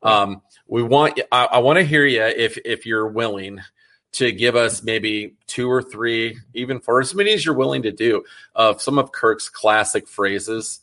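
A man's voice: medium pitch, a little slow, pushed and bright. A man hosting a casual interview, chatty and enthusiastic, with plenty of "like" fillers. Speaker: interview host.

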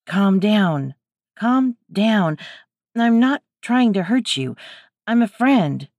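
A woman voicing a tall male explorer who speaks gently and soothingly, trying to calm a stranger. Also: fairly low pitch, normal speed, dry recording, studio quality. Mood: urgent.

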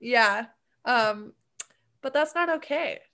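A woman's voice: fairly high pitch, animated, takes it slowly, bright, forceful tone, no echo. A woman co-hosting a casual podcast chat as a breakup coach, talking loosely with frequent restarts and dry quips.

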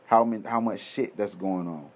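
A man's voice: on the low side, moderate pace. Profane, heated man ranting. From United States. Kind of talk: ranting monologue.

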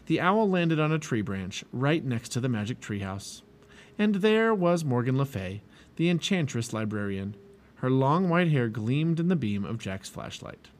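A man reading a children's storybook aloud in an expressive, lively way. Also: medium pitch, measured pace. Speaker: storybook reader.

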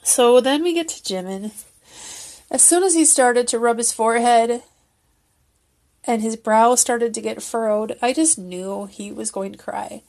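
A woman's voice: a little high, a little slow, vocal fry, darkish tone. A woman giving an emotional, earnest and rambling casual recap of a concert as a fan video creator.

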